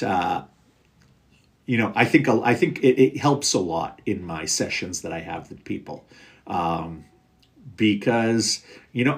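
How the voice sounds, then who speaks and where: A middle-aged man, a recovery coach, chatting casually and frankly on a live stream, reading and answering viewer comments with many fillers. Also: fairly low pitch.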